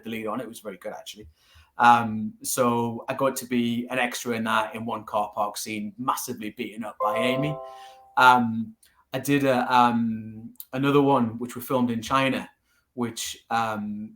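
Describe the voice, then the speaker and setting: A man with a Geordie accent, a martial arts teacher, telling stories as a guest in a casual interview. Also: medium pitch. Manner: storytelling, animated, laughs easily.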